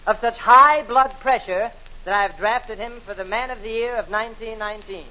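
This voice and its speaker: A man guesting as a comedian on a 1940s radio show, with a very high, bright voice. He plays it mock-earnest and playful. The sound is dull and lo-fi, like an old radio broadcast. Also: normal speed.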